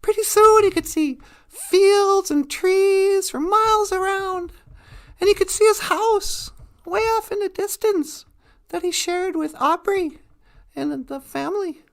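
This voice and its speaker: A woman's voice: very high voice, takes it slowly. A woman telling a folksy animal tale on a live stream, chuckling now and then. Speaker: storyteller.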